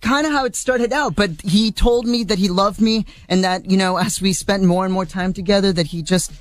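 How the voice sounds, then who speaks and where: A man with a high voice calling in to a radio show, nervous and earnest. He stumbles and restarts as he pleads his case, with faint music behind the call. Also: steady tone, a little fast. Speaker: caller.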